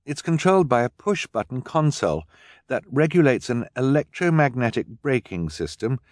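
A man voicing a clever, practical teenage girl in an audiobook, explaining things brightly. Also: medium pitch, expressive, moderate pace, no echo, studio quality, pitched above the performer's own voice, close to an everyday voice. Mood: eager, explaining.

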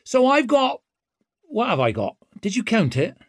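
A man's voice: extremely high pitch, huge pitch swings, a little slow, no echo, studio quality, voice pushed up, full character voice. A man voicing a brash, sly young woman leader who talks with cheeky mock-innocence. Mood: cocky.

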